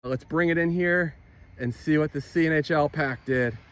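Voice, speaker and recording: Enthusiastic man with a high voice. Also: normal speed, fairly bright tone, rough recording. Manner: enthusiastic, thinking aloud while reading data. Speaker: RC hobby channel host. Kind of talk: casual hands-on testing vlog. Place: outdoors by a road with traffic.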